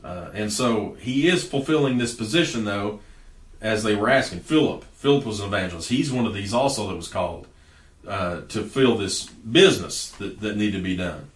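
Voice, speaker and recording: A middle-aged man preaching a sermon as pastor, folksy and emphatic, with sudden bursts of loud speech. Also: on the low side, animated, normal speed. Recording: echoey room, voice heard from a distance.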